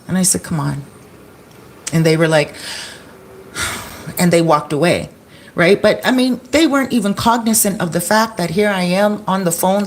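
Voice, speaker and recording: A middle-aged woman vlogging to her viewers, retelling stories in a chatty, animated way and acting out what people said. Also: fairly low pitch, slight background noise. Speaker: expat vlogger. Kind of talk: casual storytelling to viewers.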